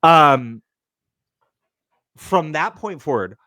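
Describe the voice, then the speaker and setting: Animated, profane storytelling man. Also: a little high, extremely slow, no room sound. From California. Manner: animated, profane, acts out quotes. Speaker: podcast host. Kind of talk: comic storytelling.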